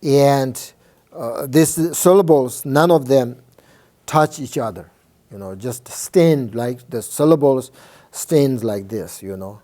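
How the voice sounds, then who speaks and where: Slow, soft-toned Buddhist teacher, a man. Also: medium pitch. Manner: halting, many fillers and restarts; checks in with listeners often. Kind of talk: informal dharma teaching.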